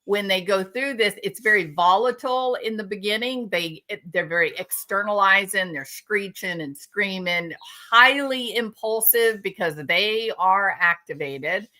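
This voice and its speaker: A woman's voice: mid-range voice, a little slow, few pauses, pushed and bright. A woman guest on a live stream, ranting in a heated, scornful way.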